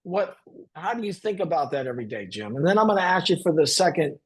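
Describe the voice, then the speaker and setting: A man hosts a panel on a video call, asking questions in a loose, rambling way. His voice is husky and pitched a little high. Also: sing-song, fast talker. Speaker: panel host.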